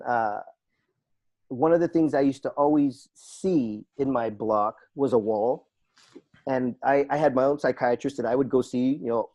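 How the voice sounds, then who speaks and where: A man's voice: medium pitch, darkish tone. A man, a podcast guest and coach, telling a personal story in an earnest, reflective way and repeating phrases for emphasis.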